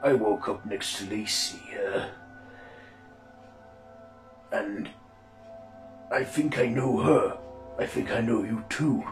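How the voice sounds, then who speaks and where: A man's voice: lowish voice, slow, long pauses, roomy sound, soft background music. A man doing a tentative, unsure young man. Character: man waking beside his partner, unsure.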